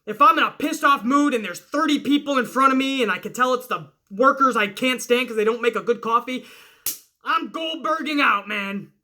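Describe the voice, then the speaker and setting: A young man with a very high, bright, forceful voice hosts a casual wrestling Q&A. He talks in a profane, hyped, rambling way, tossing out curses as he answers fan questions. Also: moderate pace. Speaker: wrestling commentary host. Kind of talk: casual Q&A livestream chat.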